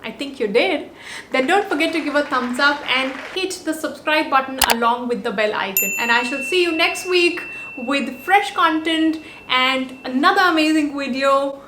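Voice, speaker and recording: A woman's voice: sits high, expressive, normal speed, background noise. A woman hosting a body language vlog, giving upbeat, emphatic scripted advice point by point. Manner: upbeat, emphatic list delivery. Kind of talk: scripted talking-head advice. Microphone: compact on-camera mic. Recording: roomy echo.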